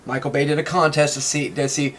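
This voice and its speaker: An excitable man, talking fast and rambling through a casual interview. His voice sits a little high for a man, and he laughs often between stories. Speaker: interview guest, toy collector.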